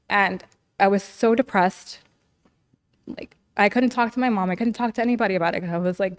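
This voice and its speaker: A woman speaking as a podcast guest, recounting her own experiences in an earnest, conversational way. Her voice sits at a middle pitch, and her talk is full of fillers like "like" and "you know.". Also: normal speed. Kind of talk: personal storytelling in interview. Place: living in Los Angeles.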